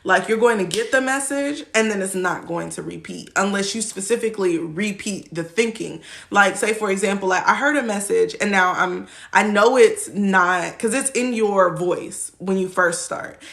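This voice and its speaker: Woman in her twenties, gravelly fry, easygoing slangy teacher chatting to a live audience. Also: mid-range voice, normal speed, hardly any pauses, fairly bright tone. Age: 20s. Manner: loose and slangy, laughs often, acts out quoted voices. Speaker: spiritual teacher on a livestream. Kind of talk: casual livestream teaching chat.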